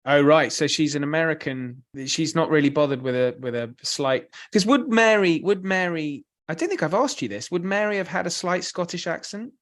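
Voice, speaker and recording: A man's voice: fairly high pitch, lively intonation, normal speed, hardly any pauses, fairly bright tone. A man hosting a podcast interview, asking curious follow-up questions in a casual way. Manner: inquisitive, asks follow-up questions. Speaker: podcast host.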